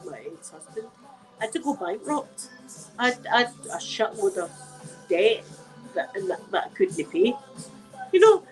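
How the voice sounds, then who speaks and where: A woman's voice: on the high side, poor audio. Chatty Scottish woman with a cold. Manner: chatty and emphatic, repeats phrases, uses local words like wee and dead. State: has a cold. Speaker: channel host talking to viewers. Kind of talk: casual chat with live viewers.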